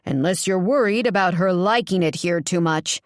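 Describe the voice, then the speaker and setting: A woman's voice: fairly low pitch, normal speed, dry recording, clean studio sound, close to an everyday voice. A woman narrator voicing a domineering older father who taunts his daughters in a smug, offhand way. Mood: taunting.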